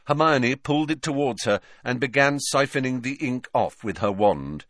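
Male audiobook narrator with a lively delivery. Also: medium pitch, dry recording, studio quality. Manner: steady, measured storytelling.

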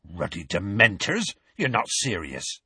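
A man voicing a huge, gruff male half-giant groundskeeper who grumbles and turns defensive, with rustic grammar. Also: on the low side, huge pitch swings, a little slow, bright, forceful tone, no room sound, full character voice.

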